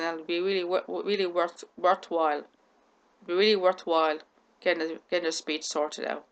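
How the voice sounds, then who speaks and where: A woman vlogger talking to camera with a stammer, repeating words, restarting sentences and running out of breath at the ends of sentences. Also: fairly low pitch. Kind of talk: casual talk to camera.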